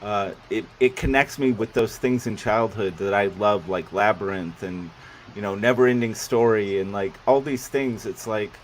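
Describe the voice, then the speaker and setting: Excitable man hosting a casual panel. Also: fairly low pitch, normal speed, a little hiss or hum. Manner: excitable, laughs often, swears casually. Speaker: podcast host running a pitch panel. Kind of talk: casual online panel chat.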